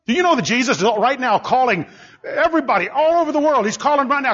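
A man's voice: very high-pitched, expressive, quick pace, a bit bright. A man preaching a sermon, emphatic and repeating phrases for stress. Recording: dull lo-fi sermon recording.

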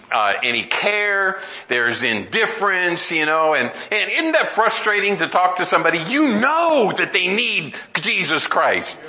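A man's voice: on the high side, bright, forceful tone, rough recording. A middle-aged man preaching a sermon, earnest and emphatic, often restarting and climbing to exclamations.

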